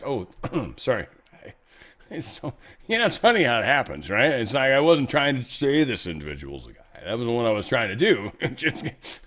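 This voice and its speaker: A man's voice: medium pitch, sing-song, normal speed, a bit bright. Guy hosting his own show, rambly and jokey, talks over news clips, laughs at himself. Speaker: show host. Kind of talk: casual commentary reacting to news clips.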